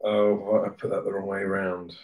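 A middle-aged man chats casually on a livestream with a very low voice. He drops dry, joking asides. The recording sounds roomy, with a faint hiss underneath. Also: level tone, normal speed, darkish tone. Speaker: parent co-hosting a livestream. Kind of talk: casual chat.

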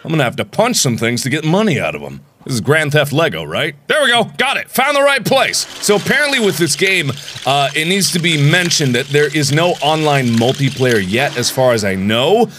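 A man giving excitable, jokey commentary while playing a video game, swinging between yelps and mutters. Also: fairly high pitch, fairly quick, background noise. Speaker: gaming video host. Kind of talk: gameplay commentary.

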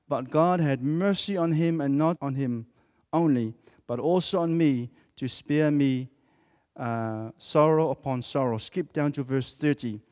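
A man delivering a sermon at a very slow, deliberate pace, his voice carrying a long church-hall reverb. He leans on key words and repeats them for emphasis, in a mid-pitched voice. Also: darkish tone. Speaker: preacher.

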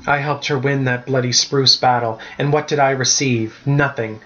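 A man's voice: mid-range voice, steady tone, normal speed, sharp tone, muffled recording, natural voice. A man voicing a sour, grumbling young noble in a storybook reading.

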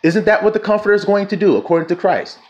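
A man preaching a fervent sermon, reading scripture slowly and firing questions at his listeners. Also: high-pitched, darkish tone, dull audio. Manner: fervent, questioning the audience, drawn-out quotes.

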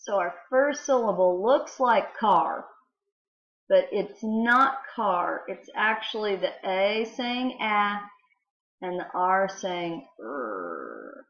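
A woman's voice: medium pitch, sing-song, takes it slowly, fairly bright tone. A woman teaching a spelling lesson to young children, patiently sounding out letters. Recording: roomy, dull lo-fi home recording.

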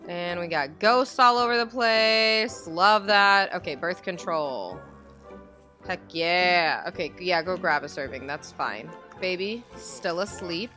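A woman's voice: lowish voice, animated, takes it slowly, sharp tone, soft background music. A young woman hosting a gaming video, chatting casually and talking to her game characters as she plays. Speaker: gaming channel host. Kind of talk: casual let's-play commentary.

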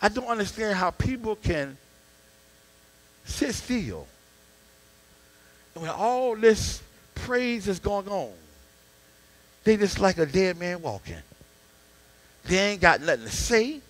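A male deacon preaches in a cadence, trading quiet asides for shouted peaks. His voice sits very high for a man and has a bright, forceful edge. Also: animated, slow, pauses often, low-quality recording. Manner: call-and-response preaching, swings from quiet to shouting. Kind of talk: sermon.

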